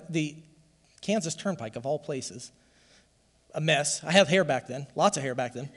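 A man preaching a sermon to his church, telling a personal testimony in an emotional, emphatic way that swells to loud emphasis. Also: fairly high pitch, expressive, moderate pace, long pauses, big-room sound. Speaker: pastor.

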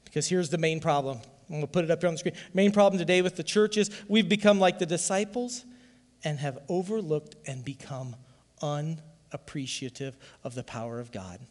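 High-voiced fervent preacher in a reverberant hall. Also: male voice, fairly quick. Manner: fervent preaching that swells into loud calls for the congregation to respond. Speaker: pastor. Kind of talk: sermon. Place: church.

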